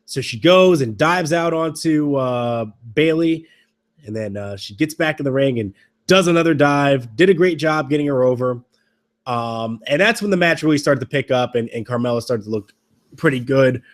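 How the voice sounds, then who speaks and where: A man hosting a podcast, recapping wrestling in a casual, rambling way with halting restarts and wry, mocking asides. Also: medium pitch. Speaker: podcast host.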